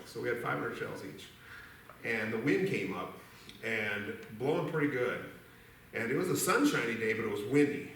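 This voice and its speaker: A man's voice: mid-range voice, fairly bright tone, slight background noise. Middle-aged man, folksy rambling storyteller, heard from a distance in a very echoey church hall. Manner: rambling, folksy, laughs through his story. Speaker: eulogy speaker. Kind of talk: storytelling at a memorial service.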